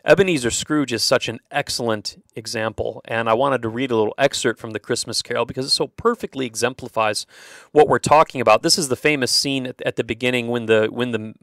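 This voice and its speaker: A male radio host explaining a moral teaching in a relaxed, conversational manner, pausing on fillers and laughing a little. His voice sits at an ordinary middle pitch. The studio sound is dry and close. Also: no echo. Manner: conversational, with fillers and small laughs, reads passages aloud.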